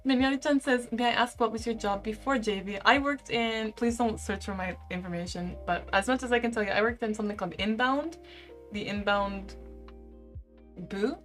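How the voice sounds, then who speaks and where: A young woman in her twenties, a live-streamer, chatting casually and reading out viewer comments in an animated way. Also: on the high side. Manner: chatty and animated, heavy use of "like".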